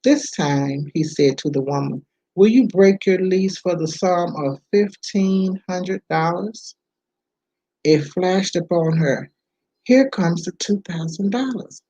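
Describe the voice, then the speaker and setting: A woman reading a self-help book aloud, unhurried, with casual asides between passages. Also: lowish voice, dark tone, no room sound, poor audio. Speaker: book reader.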